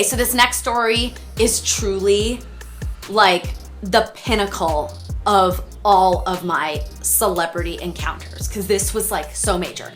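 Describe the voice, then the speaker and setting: A woman in her thirties telling stories to camera in a casual vlog, chatty and animated, full of fillers and acted-out exclamations. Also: medium pitch. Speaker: celebrity wardrobe stylist telling stories.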